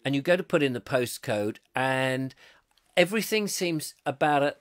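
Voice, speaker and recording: A man's voice: medium pitch, lively intonation, normal speed. A middle-aged English man hosting a casual live chat show, reading viewer comments aloud in a rambling, self-mocking way.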